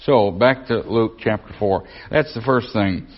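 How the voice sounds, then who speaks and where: Folksy male preacher teaching scripture to his class, lowish voice, muffled old recording. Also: measured pace. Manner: folksy, repeats himself, asks the room questions. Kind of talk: conversational Bible teaching. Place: church or Bible class. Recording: dull lo-fi recording.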